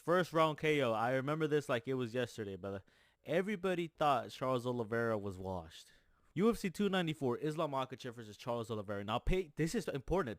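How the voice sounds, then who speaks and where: A man's voice: mid-range voice, no echo, clean studio sound. A young man ranting hotly about fights, repeating his points and calling everyone "bro". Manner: fired up, repetitive, says "bro" constantly; gets louder for emphasis, repeats points. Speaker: MMA commentator. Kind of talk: heated rant vlog.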